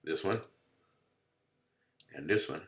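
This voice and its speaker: In a deep, fairly bright voice and at a slow pace, a male math teacher delivers a playful lecture from home, recorded from his screen. He cracks jokes and keeps checking in with "you see?"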